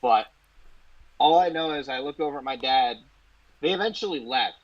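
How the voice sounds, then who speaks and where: Male co-host, mid-pitched, relaxed storyteller, slightly muffled lo-fi recording. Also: normal speed. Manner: casual, conversational anecdotes. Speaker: sports talk co-host. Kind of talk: casual storytelling. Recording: slightly dull lo-fi audio.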